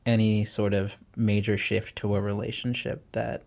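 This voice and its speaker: Casual interview guy, young, low-ish voice, laughs a lot, lots of "like". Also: little pitch movement, moderate pace, gravelly, a little mellow. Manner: loose and laughing, lots of fillers. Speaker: musician guest.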